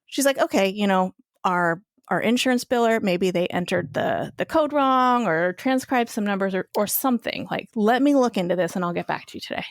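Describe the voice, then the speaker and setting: Animated woman telling a story. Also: medium pitch, a little fast, hardly any pauses, no echo, clean studio sound. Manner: animated, swears freely, acts out quoted voices. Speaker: podcast co-host. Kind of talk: casual storytelling chat.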